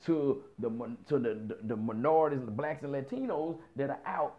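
A man's voice: mid-range voice, expressive, moderate pace. Blunt, profane man ranting. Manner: blunt, profane, emphatic with frequent repetition. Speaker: commentator. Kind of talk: casual opinion monologue. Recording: dull lo-fi sound.

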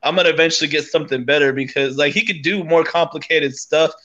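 A man's voice: fairly high pitch, quick pace, a bit bright, highs cut off. A man chatting casually as a podcast guest, hesitant and full of fillers and restarts. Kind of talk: casual chat.

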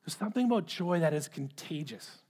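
A man's voice: fairly high pitch, lively intonation, a little fast, a little mellow, breathy edge. Earnest man preaching a sermon. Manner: earnest, repeats words when starting phrases. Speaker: pastor.

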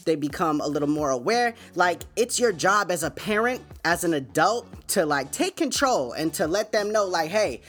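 A man's voice: high voice, animated, moderate pace, few pauses, fairly bright tone, soft background music. A man hosting his podcast, telling stories in a loose, laid-back way and chuckling often. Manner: laid-back and chatty, peppering talk with "man" and "you know what I'm saying". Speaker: podcast host. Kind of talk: casual storytelling monologue.

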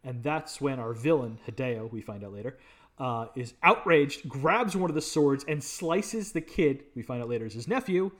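A man's voice: mid-range voice, lively intonation, normal speed, fairly bright tone. A man co-hosting a film review podcast, eagerly recapping the plot with many "uh"s and "um"s. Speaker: podcast co-host. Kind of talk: casual film review chat.

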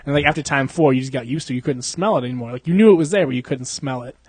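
A man's voice: mid-range voice, very fast, breathy edge, no echo. A young adult man chatting casually, rambling through crude stories full of swearing and frequent laughter. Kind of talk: casual chat.

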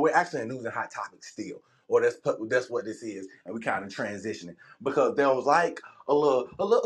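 A man hosting a morning podcast, chatting casually and laughing often. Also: on the high side. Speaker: podcast host.

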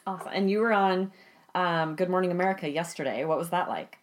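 A woman in her thirties hosts a casual parenting podcast. Her voice sits a little low, and her talk is bubbly and quick to break into laughter. She chats freely with her guest. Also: noisy background. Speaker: podcast host. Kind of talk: casual chat.

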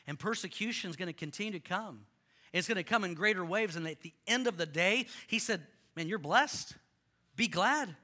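A male pastor preaching a sermon to a congregation, impassioned, swinging from loud rallying lines to quiet earnest ones. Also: high-pitched, expressive, moderate pace.

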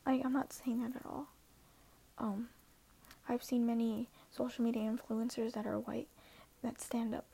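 A woman's voice: fairly high pitch, flat delivery, normal speed, gravelly, pauses often, warm tone, breathy edge. A teenage girl talking earnestly and hesitantly in a casual vlog, often dropping to a half-whisper. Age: teens. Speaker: social media poster.

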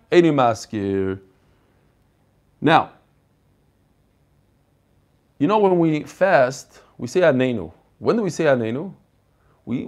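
A man teaching an online Talmud class over a video call, animated and quizzing his students. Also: a little high. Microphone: computer mic on a video call.

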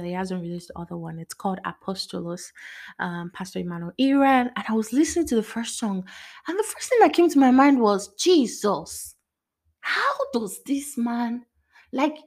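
Excitable, giggly young woman podcaster. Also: mid-range voice. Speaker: podcast host. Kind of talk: casual faith podcast monologue.

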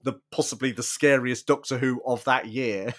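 Give me a podcast host, a man with an ordinary mid-pitched voice, chatting easily with his guest in a relaxed, friendly manner. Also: normal speed. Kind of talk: casual chat.

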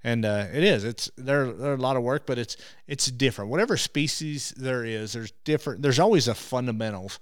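Lively man telling a hunting story. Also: mid-range voice, fairly quick, few pauses, dry recording, studio quality. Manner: restarts and repeats words when excited. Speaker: hunting show host, interview guest. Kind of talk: animated storytelling.

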